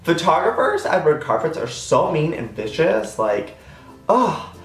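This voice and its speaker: A man in his twenties telling a personal story in a chatty, self-mocking way, acting out quotes in a sudden high voice. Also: very animated, a little slow, reverberant, soft background music. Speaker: vlogger. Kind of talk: casual storytime.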